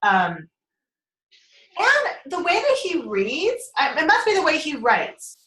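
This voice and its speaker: A woman's voice: sits high, wildly swooping pitch, slow pace, fairly bright tone. A woman chatting casually on a group call, rambling, laughing often and swearing casually. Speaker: team member on a group call. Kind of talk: casual chat. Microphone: conference call line. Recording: echoey room.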